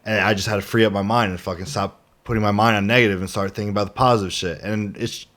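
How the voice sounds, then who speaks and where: A man's voice: lowish voice, fairly even intonation, fast talker, a bit bright. A young man co-hosting a podcast, speaking earnestly and rambling with lots of fillers and swearing. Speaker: podcast co-host. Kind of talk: casual podcast chat.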